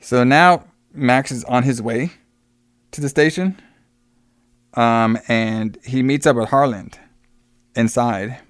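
Casual man retelling a film, crisp dry voice. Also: mid-range voice, takes it slowly, pauses often, dry recording. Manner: retells scenes by acting out characters' lines; swears casually. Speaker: podcast co-host recapping a film. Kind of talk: casual chat.

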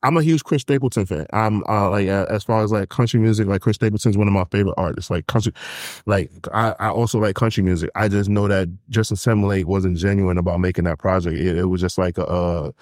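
A man's voice: low voice, fairly even intonation, quick pace, darkish tone, no echo, clean studio sound. A man co-hosting a hip hop album podcast, chatting casually and telling stories with a laid-back manner. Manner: laid-back, storytelling with laughs. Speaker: podcast co-host. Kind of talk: casual chat.

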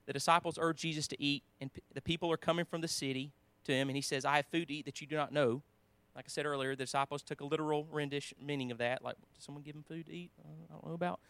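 A man's voice: a little high, fairly even intonation, fast talker, hardly any pauses, clean tone, no echo. Conversational male preacher, shifting volume. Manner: conversational, with frequent restarts and quoted scripture; swings between emphatic and quiet, almost whispered asides. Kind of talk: sermon.

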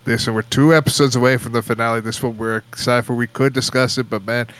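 A man's voice: medium pitch, fairly even intonation, fast, fairly bright tone, no room sound. A man co-hosting a podcast, answering in casual, earnest, agreeable chat. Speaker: podcast co-host.

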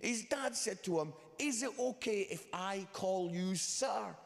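A preacher in a large hall tells comic stories and slips into the voices of the people in them. His pitch sits high for a man and swings widely. A long reverb hangs on every line. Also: lively intonation, unhurried, gravelly. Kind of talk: sermon with comic storytelling.

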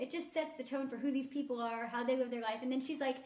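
Woman co-host, high pitch, animated film chat in an echoey room. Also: fast. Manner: animated, acts out movie lines in quoted voices. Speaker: podcast co-host. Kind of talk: casual film discussion. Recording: roomy echo.

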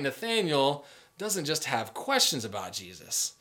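A young adult man preaching a casual sermon, telling a story in a conversational way and acting out the people in it with lively everyday speech. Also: a little high, normal speed. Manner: conversational, animated, acts out quoted voices with filler words. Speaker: pastor.

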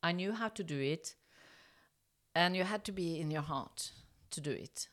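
Telling a casual story in English as an interview guest, a middle-aged woman from Norway speaks at a moderate pace in a lowish register. She hesitates often, restarting and filling gaps, and turns lively when performing the dialogue.

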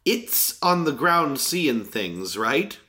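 A woman's voice: a bass voice, very animated, takes it slowly, very noisy. A woman co-hosting a casual podcast chat, joking and playful, laughing often. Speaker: podcast co-host.

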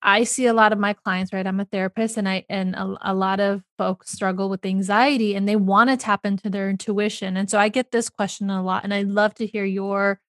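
A woman's voice: medium pitch, flat delivery, brisk, hardly any pauses, a bit bright, no room sound, studio quality. A woman who hosts a podcast and works as a therapist, asking questions casually with many fillers and restarts. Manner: hesitant, filler-heavy questions.

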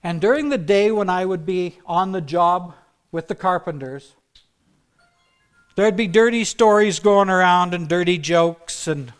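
Preacher, male, high voice, earnest testimony sermon with hushed emphatic drops. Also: clear, resonant tone. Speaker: preacher giving his testimony.

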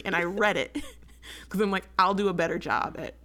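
A woman co-hosting a casual book chat, talking in a chatty, animated way full of fillers. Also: medium pitch, fairly quick. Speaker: book podcast co-host.

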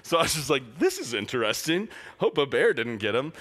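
A young man speaking as a youth pastor tells a camp story in a bright, ringing voice. His talk is animated and loose, packed with fillers and laughter. His pitch sits right in the middle for a man. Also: a little fast. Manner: animated, filler-heavy, laughing through the telling.

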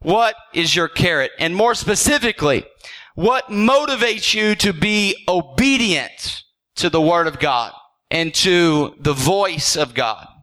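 A pastor preaching in a high, bright man's voice. He speaks earnestly and conversationally, stacking up rhetorical questions and checking in with his listeners. He often trips into quick restarts mid-sentence. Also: low-quality recording. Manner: frequent stammered restarts. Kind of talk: sermon.

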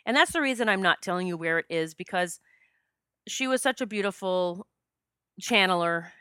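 A woman's voice: lowish voice, expressive, moderate pace, pushed and bright, smooth, dry recording, clean studio sound. Emotional woman telling a spiritual story. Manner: emotional, gets choked up. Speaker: podcast host. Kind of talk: personal storytelling.

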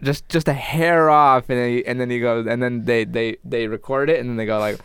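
A man's voice: medium pitch, fairly even intonation, brisk, a bit bright, smooth, no echo, clean studio sound. A young man telling rambling, crude jokes in a casual podcast chat. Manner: rambling, crude joking storyteller.

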